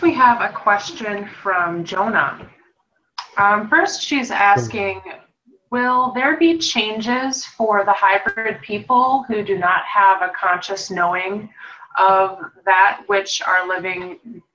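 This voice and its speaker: A woman reads audience questions aloud, pausing often and filling gaps with hesitations. She speaks slowly. The audio is dull and lo-fi. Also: medium pitch, pushed and bright. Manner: hesitant, with many fillers. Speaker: moderator reading questions.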